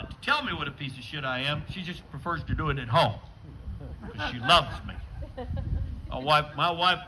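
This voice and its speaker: Older man, stand-up comic, lively up-and-down pitch, fairly high voice, deadpan stories, noisy outdoor recording. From western New York. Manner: deadpan storytelling with acted dialogue bits. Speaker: stand-up comedian. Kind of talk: stand-up comedy set. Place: outdoor show with a live audience.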